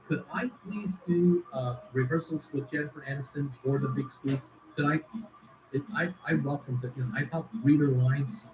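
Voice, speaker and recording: A man's voice: fairly high pitch, a little hiss or hum, rough recording. A man hosting a casual livestream who rambles with many fillers and restarts while reading viewer comments aloud. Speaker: livestream host.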